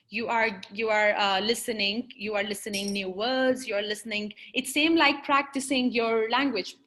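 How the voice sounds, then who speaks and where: The speaker is a woman whose voice sits a little high and sounds a bit bright. She chats her way through a video-call webinar for English learners, teaching and answering questions with lots of fillers and restarts.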